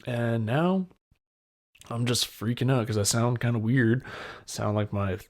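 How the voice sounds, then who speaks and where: A man's voice: mid-range voice, measured pace. A man in his twenties hosting a solo podcast, rambling candidly and poking fun at himself, with wet mouth sounds when he talks. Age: 20s. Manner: rambling, self-deprecating, candid. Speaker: podcast host. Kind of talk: solo casual podcast chat.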